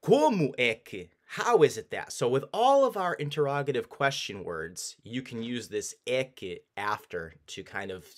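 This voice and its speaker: A man teaching a casual language lesson, explaining with relaxed restarts and repeating example phrases slowly. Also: medium pitch.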